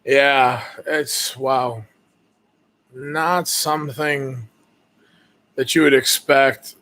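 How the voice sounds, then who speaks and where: A man co-hosting a live fight reaction show, commenting calmly and dryly. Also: mid-range voice. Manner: calm, dry, measured commentary. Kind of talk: casual live reaction chat.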